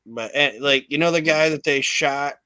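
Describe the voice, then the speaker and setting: Profane, animated man recapping stories. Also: fairly high pitch, moderate pace, clear, resonant tone, no room sound. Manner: profane, animated storytelling with quoted voices. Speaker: podcast co-host. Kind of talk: casual chat recapping wrestling.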